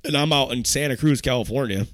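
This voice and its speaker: A man's voice: mid-range voice, quick pace, a bit bright, no echo. A young man from upstate New York, hosting a podcast with friends, telling a story in a loose, profane way and acting out what people said. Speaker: podcast host. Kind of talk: casual storytelling chat.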